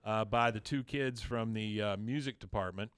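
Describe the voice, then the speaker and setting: A man's voice: lowish voice, normal speed, fairly bright tone, clear, resonant tone, no echo. Rambling man recapping an episode. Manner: rambling, many fillers, acts out lines. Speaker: podcast co-host recapping an episode. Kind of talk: casual recap chat.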